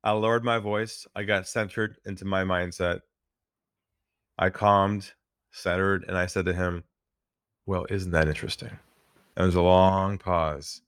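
A man's voice: level tone, measured pace, fairly bright tone, smooth, dry recording. Male podcast guest, sales trainer; earnest storyteller, dry booth sound. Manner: earnest, drops his voice low for stories.

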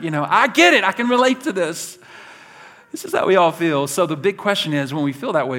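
A man preaching a sermon to his church, animated and conversational, laughing along with his stories and talking straight to the congregation. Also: a little high, fairly quick. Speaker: pastor.

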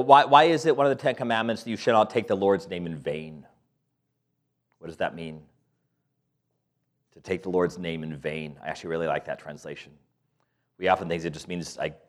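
A man preaching a sermon in a conversational, playful way, full of rhetorical questions and light laughs. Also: sits low.

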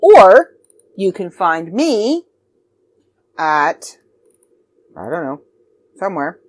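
Woman podcast host, unhurried, rambling and self-deprecating, slightly dry throat. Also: fairly low pitch, sing-song. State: throat drying out. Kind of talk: casual podcast sign-off.

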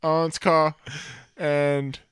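A man doing Korg, a soft-spoken rock gladiator. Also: a little high, flat delivery, very slow, clean tone, no room sound, studio quality, pitched above the performer's own voice. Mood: laid-back. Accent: New Zealand. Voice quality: soft, gentle tone.

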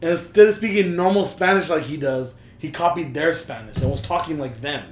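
A man's voice: a little high, a little fast. A man co-hosting a podcast who teases a friend and retells stories with plenty of swearing. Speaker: podcast co-host. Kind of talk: casual chat. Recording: echoey room with faint noise.

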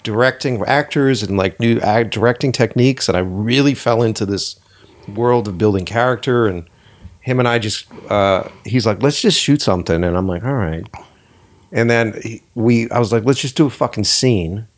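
Podcast host guy in a studio, blunt and sweary, mid-pitched voice, acts out other people's lines. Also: gravelly. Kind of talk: casual podcast conversation.

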